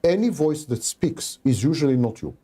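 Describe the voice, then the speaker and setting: Didactic man with a dark, husky voice. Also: fairly high pitch, animated, moderate pace. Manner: didactic, emphatic, repeats key phrases. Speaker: lecturer. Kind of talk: recorded talk.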